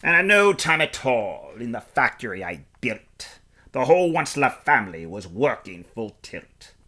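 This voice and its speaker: Male storybook reader, playful and expressive, bright voice, lively pitch, unhurried. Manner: playful, expressive, rhyming delivery. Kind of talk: performed storybook reading in first person.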